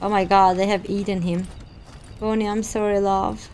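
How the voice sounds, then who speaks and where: A woman giving let's-play commentary on a horror game, jumpy and excitable, often gasping and exclaiming. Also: mid-range voice, moderate pace, slight background noise. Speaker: gaming streamer. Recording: game audio and music mixed in.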